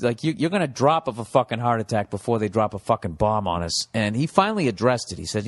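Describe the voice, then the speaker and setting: A man's voice: fairly low pitch, big pitch swings, brisk, in a large hall. Man ranting profanely on a podcast. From United States. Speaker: comedian and podcast host. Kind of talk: comedic podcast monologue.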